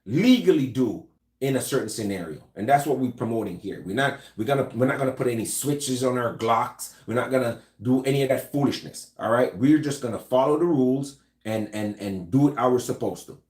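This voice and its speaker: A man's voice: mid-range voice, animated, fairly quick, a little mellow, roomy sound. A man hosting a casual talk show, speaking loosely and conversationally with slang and frequent restarts. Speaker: host.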